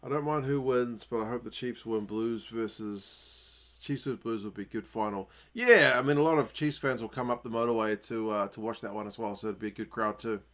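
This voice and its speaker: A man with a New Zealand accent hosting a casual rugby watchalong stream, chatting with viewers and getting excited at big plays. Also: fairly low pitch, a little fast, hardly any pauses. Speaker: livestream host.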